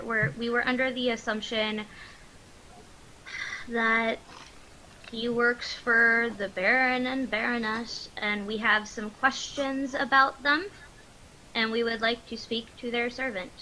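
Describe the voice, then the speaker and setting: A woman laying out a plan in a measured way during a tabletop game. Her voice is bright and slightly high, with faint noise and keyboard clicks in the background. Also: little pitch movement, low-quality recording. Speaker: player.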